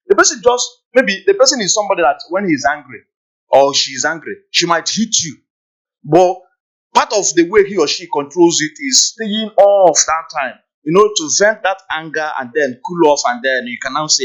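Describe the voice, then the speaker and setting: A man's voice: a little high, expressive, brisk, fairly bright tone, dull audio. A man talking on a podcast panel, acting out little scenes and often checking "you understand?". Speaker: podcast guest. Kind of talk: casual panel discussion.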